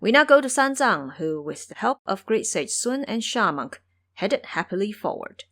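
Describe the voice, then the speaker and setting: Expressive woman narrating an audio drama. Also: medium pitch, a little slow. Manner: expressive storytelling.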